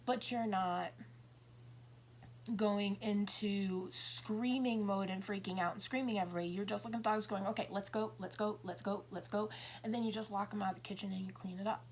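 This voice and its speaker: A woman's voice: mid-range voice, steady tone, a little fast, a little mellow, slight background noise. A woman in her fifties talking in a rambling, self-interrupting way, acting out little dialogues as she explains. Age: 50s. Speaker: tarot reader. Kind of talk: casual monologue.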